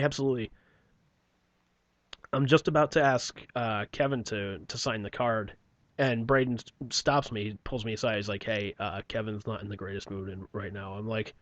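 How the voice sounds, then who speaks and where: A man telling a personal story on a casual podcast, rambling and profane, often clearing his throat and trailing off quietly. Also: lowish voice, dry recording, highs cut off.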